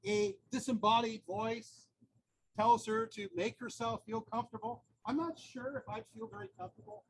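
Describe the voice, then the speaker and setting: A man's voice: very high voice, animated, normal speed, low-quality recording. A man giving an outdoor lecture, retelling a myth in a chatty way with humorous asides. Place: outdoors near a busy street corner. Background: faint traffic noise.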